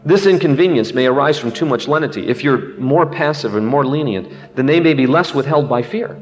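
A man's voice: medium pitch, animated, a little fast, long reverb tail, dull audio, a little hiss or hum. A man preaching a sermon and telling a children's story, acting out its voices.

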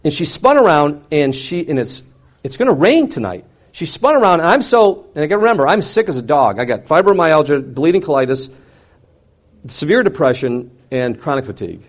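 A middle-aged man telling a personal testimony to an audience, swinging from loud, intense outbursts to quiet, hushed reflection. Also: fairly high pitch, big pitch swings, fairly quick. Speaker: speaker sharing a personal testimony. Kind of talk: dramatic personal storytelling to an audience.

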